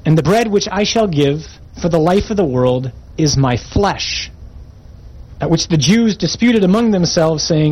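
A man's voice: high voice, animated, moderate pace, slightly rough, rough recording. A man preaching a sermon, reading scripture aloud and commenting on it with emphatic, rising intensity.

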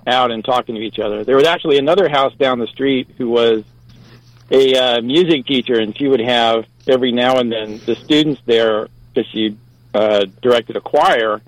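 A man's voice: mid-range voice, moderate pace, no echo, poor audio. A man calling in to a radio show, talking casually and hesitantly with many fillers. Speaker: caller. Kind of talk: casual call-in chat.

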